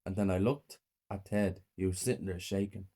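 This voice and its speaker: A man narrating a short first-person horror story in a plain, quiet way. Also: low voice, steady tone, normal speed, husky.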